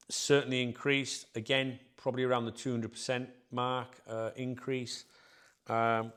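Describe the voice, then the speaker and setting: A man's voice: mid-range voice, fairly bright tone, clear, resonant tone. Casual male interviewee, mid-range voice, chatty and rambling, leans on filler words. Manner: rambling, with tag questions and fillers. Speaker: football club staff member, interview guest.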